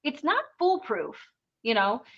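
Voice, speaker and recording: A woman's voice: on the high side, wildly swooping pitch, measured pace, a bit bright, slightly rough, highs cut off. Chatty, sarcastic woman. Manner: chatty, sarcastic, full of fillers. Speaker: podcast co-host. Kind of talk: casual chat.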